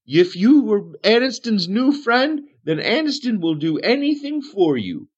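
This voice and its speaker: A man's voice: sits high, big pitch swings, measured pace, breathy edge, highs cut off, pitched above the performer's own voice, exaggerated voice. A man voicing a naive, childlike male elf with a head injury, who talks about himself in the third person. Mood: simple, eager.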